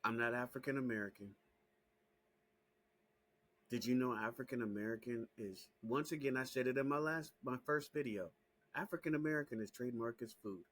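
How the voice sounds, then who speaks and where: A man hosting his own small channel, ranting straight to camera in a heated, profane, repetitive way that climbs into shouting. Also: mid-range voice, brisk. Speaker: small YouTube channel host. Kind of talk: casual direct-to-camera rant.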